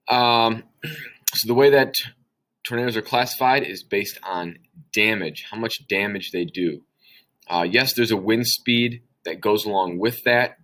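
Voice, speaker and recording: Low-voiced casual male science teacher. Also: fairly bright tone. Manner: casual, upbeat, chatty with filler words. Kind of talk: recorded class walkthrough.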